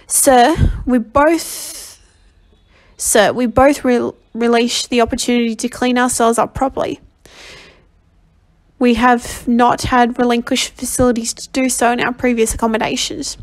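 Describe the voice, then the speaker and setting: A woman's voice: fairly high pitch, fairly even intonation, a little slow, lightly acted, rough recording. A woman voicing a polite young woman convict in a novel reading, speaking in a deferential way.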